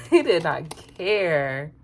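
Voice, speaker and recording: Woman, lowish voice, sassy laughing reality-show reviewer, casual recap. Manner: sassy, laughing, chatty asides.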